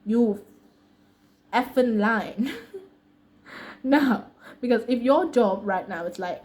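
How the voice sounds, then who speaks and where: A woman's voice: fairly high pitch, animated, takes it slowly, pauses often, darkish tone, a little hiss or hum. A woman with an American accent telling a casual, slangy storytime vlog story and laughing often between sentences. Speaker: vlogger.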